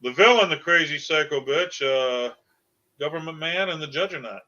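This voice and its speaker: A man with a Boston accent speaks as a comedian guest in a relaxed interview, loose and jokey, filling gaps with plenty of uhs. His voice is bright and fairly high for a man. The audio sounds dull and lo-fi, like a video call. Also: normal speed. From Boston area. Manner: jokey, rambling with frequent uhs. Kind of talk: casual interview chat.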